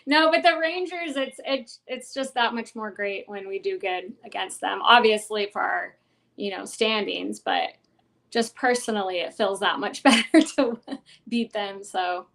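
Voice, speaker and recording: A woman's voice: mid-range voice, a little slow, gravelly, a bit bright, slight background noise. A woman guest on a sports podcast, chatting casually and eagerly, laughing often between thoughts.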